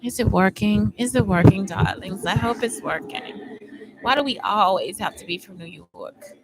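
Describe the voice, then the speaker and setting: A woman's voice: mid-range voice, moderate pace, over a noisy crowd, poor audio. A woman hosting a casual podcast, chatting loosely and swearing freely as she talks to her listeners. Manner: rambling, profane, chatty with listeners. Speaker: podcast host. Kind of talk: casual livestream podcast chat.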